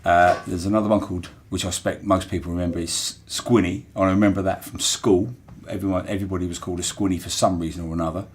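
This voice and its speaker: A man with a Portsmouth accent speaks in a somewhat low voice. He talks in a relaxed, thoughtful podcast style and often circles back with fillers and restarts. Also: fast. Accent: Portsmouth English. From Portsmouth, England. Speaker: interviewee, former dockyard worker. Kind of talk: reflective podcast storytelling.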